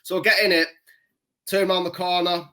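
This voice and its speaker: Male podcast co-host, somewhat high, bright and tense, rambling sweary anecdotes. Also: level tone, moderate pace. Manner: rambling, swears constantly, laughs at his own story. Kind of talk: casual storytelling chat.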